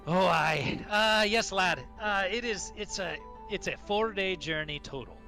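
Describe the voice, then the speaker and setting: A man voicing an excitable dwarf who hires adventurers, stammering and calling everyone lad. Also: high voice, a little slow, faint music behind, voice pushed up, full character voice. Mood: eager. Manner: stammering, calls everyone lad, old-fashioned phrasing. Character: excitable male dwarf quest-giver, hushed and eager.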